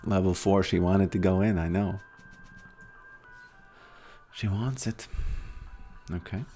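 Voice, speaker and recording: A man's voice: low-pitched, steady tone, takes it slowly, warm tone, soft background music. A man casually commentating his own game on a live stream, thinking aloud and often restarting his sentences.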